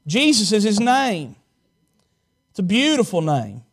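A man's voice: high-pitched, sing-song. A male pastor from Southwest Virginia, preaching a sermon and stretching out key words for emphasis. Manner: dramatic preaching, slows and stretches key words, tells folksy stories.

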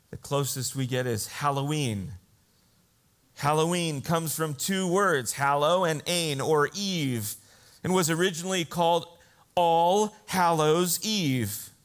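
Slow-paced male preacher. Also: medium pitch. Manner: slow, earnest preaching with swells of emphasis. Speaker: pastor. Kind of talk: sermon.

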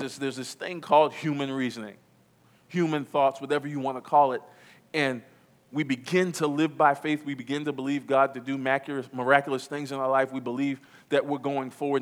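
A man's voice: mid-range voice, fairly even intonation, fairly quick. A pastor preaching a sermon to his congregation, with emphatic repetition and questions to the room. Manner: emphatic preaching, repeats key phrases, calls to the congregation. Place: church.

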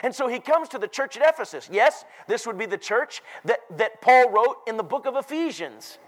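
A man preaching a sermon, emphatic and rising to loud declarations. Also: extremely high pitch, lively intonation, normal speed, low-quality recording.

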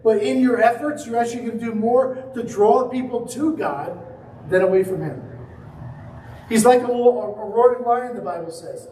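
High-voiced preacher, echoey and distant. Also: male voice, normal speed, dark tone, slight background noise. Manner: storytelling with acted quotes. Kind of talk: sermon.

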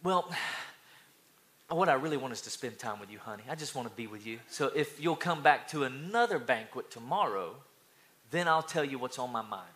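A man voicing a gentle young queen who speaks softly and sweetly to her husband in a sermon retelling. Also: medium pitch, expressive, moderate pace, close to an everyday voice. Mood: coaxing. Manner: soft, sweet, coaxing.

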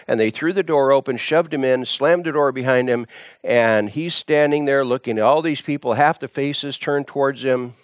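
A man's voice: mid-range voice, normal speed, dry recording, studio quality. A man preaching a sermon, telling a story with dramatic swings in his voice.

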